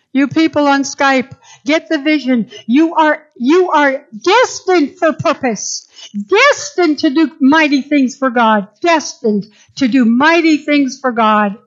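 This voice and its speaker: Fervent woman preacher, lo-fi sound. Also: high voice. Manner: fervent, repetitive, emphatic preaching. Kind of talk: sermon. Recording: dull lo-fi sound.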